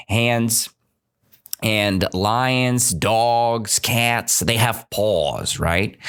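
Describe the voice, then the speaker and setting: A man's voice: mid-range voice, a bit bright. A man hosting an English-learning podcast, explaining a story to learners and often checking that they follow. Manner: slow, questioning, keeps checking understanding. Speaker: English teacher, podcast host.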